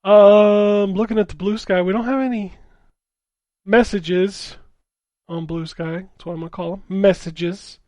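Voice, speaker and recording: Brief: higher-pitched man, easygoing and eager, dry close mic. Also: brisk, few pauses, mellow, dry recording. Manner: enthusiastic, laid-back, says dude. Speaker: podcast co-host. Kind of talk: casual chat.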